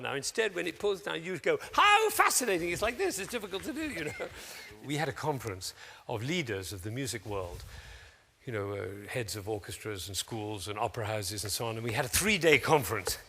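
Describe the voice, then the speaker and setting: A man giving an animated, anecdotal public talk to educators, laughing often as he speaks. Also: medium pitch, in a large hall, a little hiss or hum.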